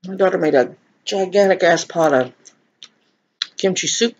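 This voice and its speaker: A man's voice: high-pitched, normal speed, highs cut off. A middle-aged man in a chatty eating vlog, rambling and laughing as he talks to viewers. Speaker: vlogger. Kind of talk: mukbang chat, eating on camera.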